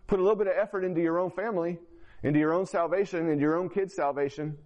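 A man's voice: sits high, racing, darkish tone, dull audio. A man giving his testimony as a sermon to a congregation, telling his story earnestly and then urging listeners directly. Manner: direct exhortation to the audience.

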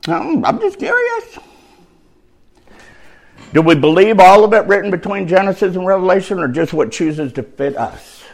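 Brief: a fiery preacher, lively and wide-ranging pitch, slangy, shouts then drops to a hush. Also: male voice, normal speed, pauses often. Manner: animated, swinging from shouts to near-whispers; slangy, street-talk phrasing. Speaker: preacher giving testimony. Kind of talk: sermon.

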